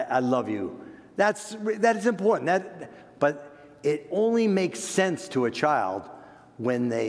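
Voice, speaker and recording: A man's voice: mid-range voice, vocal fry. Older man preaching in an echoey hall. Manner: earnest, repeats words, slows down for emphasis. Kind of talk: sermon. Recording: long echoey hall reverb.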